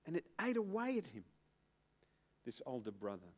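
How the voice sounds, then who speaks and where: Man, middle-aged, pastor, sermon, medium pitch, emphatic, dramatic pauses. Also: huge pitch swings, husky.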